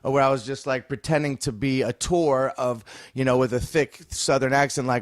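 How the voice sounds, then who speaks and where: A man's voice: medium pitch, fairly quick, few pauses, no room sound. Rambling man telling a story, dry sound. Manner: rambling, restarts, swears casually. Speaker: podcast guest. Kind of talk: casual storytelling chat.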